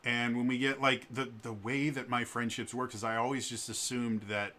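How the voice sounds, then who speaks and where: A man's voice: medium pitch, level tone, normal speed, pushed and bright. A man in his thirties telling a personal story in a casual, hesitant way, with frequent stammers and restarts. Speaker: vlogger.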